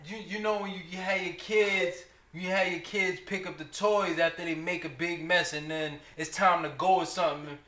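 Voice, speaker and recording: A man co-hosting a casual chat, telling family stories in an animated way and repeating words for effect. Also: sits high, moderate pace, few pauses, roomy sound. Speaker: co-host.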